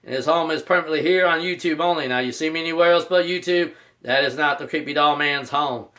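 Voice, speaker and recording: Man with a somewhat high voice, rambling and repetitive, talking about himself in the third person as a channel host. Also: fast talker, fairly bright tone. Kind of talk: casual vlog announcement.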